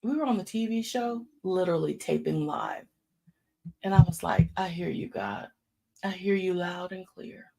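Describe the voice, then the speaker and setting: A woman in her fifties hosting a faith talk show, preaching in a casual, folksy way and dropping into hushed asides. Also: on the low side, lively intonation, moderate pace, gravelly. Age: 50s.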